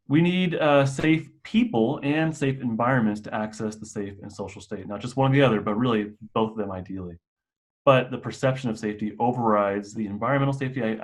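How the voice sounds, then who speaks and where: A man who works as a mental health clinician, presenting a staff and parent training in a casual, explanatory way with occasional restarts. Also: mid-range voice.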